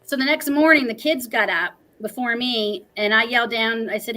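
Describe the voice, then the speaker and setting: A woman's voice: medium pitch, fast talker, few pauses, bright, forceful tone, rough recording. A woman in her forties, a livestream guest, telling a personal story in an earnest, emotional, talkative way.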